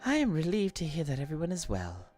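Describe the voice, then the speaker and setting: A woman reading the lines of an earnest young female oracle in a soft, hesitant way. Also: sits low, huge pitch swings, quick pace, music in the background. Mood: anxious.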